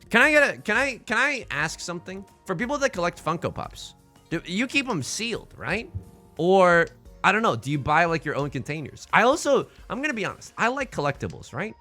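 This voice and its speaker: A man's voice: a little high, big pitch swings, normal speed, pushed and bright, faint music behind. A young man chatting casually on a livestream while he plays, joking and rambling through playful asides. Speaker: streamer.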